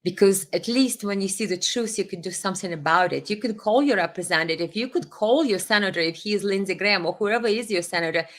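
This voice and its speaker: A woman's voice: mid-range voice, fast talker, hardly any pauses. Impassioned woman hosting a livestream. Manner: impassioned and indignant, with frequent fillers and restarts. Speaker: livestream host. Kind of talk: live political commentary, reading viewer comments.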